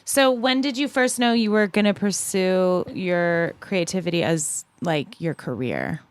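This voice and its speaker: A woman's voice: lowish voice, animated, a little slow, smooth, no echo. A woman co-hosting a podcast, asking questions in an eager, encouraging way. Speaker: podcast co-host. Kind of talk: casual chat.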